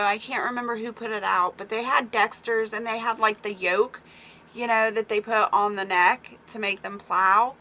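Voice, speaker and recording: A woman hosting a casual farm livestream, talking excitedly and reading viewer comments aloud. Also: on the high side. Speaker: small-farm livestream host.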